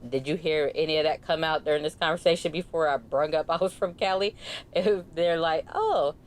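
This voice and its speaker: A young woman from the Bay Area co-hosting a podcast in casual chat, animated and quick to laugh. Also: low voice. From California, Bay Area. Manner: animated, laughs often, mimics accents. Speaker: podcast co-host.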